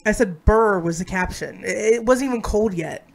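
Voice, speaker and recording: A woman's voice: medium pitch, moderate pace, gravelly. A woman co-host with a nasal, sick voice, bantering sarcastically in a casual live-stream chat.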